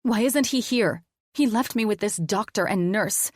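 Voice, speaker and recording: A woman voicing a panicked, confused young woman patient in an audiobook, pleading in a shrill, frantic way. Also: normal speed, no echo, clean studio sound, lightly acted. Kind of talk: audiobook character voice.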